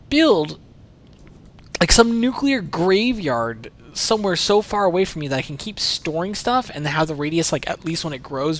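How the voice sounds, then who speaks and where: A man streaming a video game, chatting casually and rambling as he plays, sometimes swearing. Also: a little high. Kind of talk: casual livestream commentary while playing.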